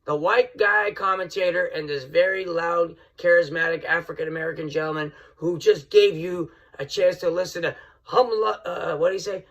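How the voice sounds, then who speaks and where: A middle-aged man hosting his own podcast, talking straight to listeners in an excitable, rambling monologue that keeps calling them folks. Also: high-pitched, moderate pace, highs cut off. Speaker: podcast host.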